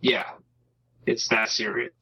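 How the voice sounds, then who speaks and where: A man's voice: mid-range voice, level tone, takes it slowly, pushed and bright, husky. A man co-hosting a casual podcast chat, ranting dramatically and swearing freely, on a dull lo-fi mic.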